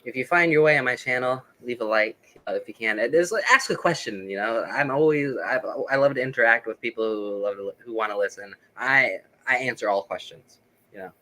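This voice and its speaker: Bright-voiced man explaining eagerly. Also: mid-range voice, brisk, low-quality recording. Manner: rambling, filler-heavy, enthusiastic explaining. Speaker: guest, record collector. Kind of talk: casual interview chat.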